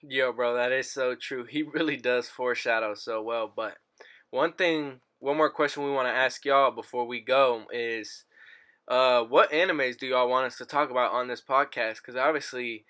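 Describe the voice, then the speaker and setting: Young man, podcast host, bright tone, crisp voice, relaxed slangy chat. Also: medium pitch, normal speed. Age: young adult. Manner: laid-back slangy, addresses listeners directly.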